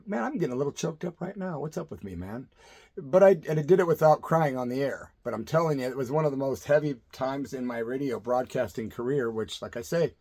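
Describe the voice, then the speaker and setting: Man, 50s, radio DJ, casual storytelling, laid-back, rambling, mid-pitched voice. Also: vocal fry.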